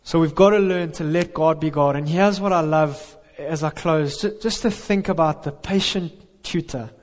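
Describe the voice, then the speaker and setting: A man's voice: fairly high pitch, normal speed. A man preaching a sermon, earnest and emphatic, with rhetorical questions. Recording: reverberant hall.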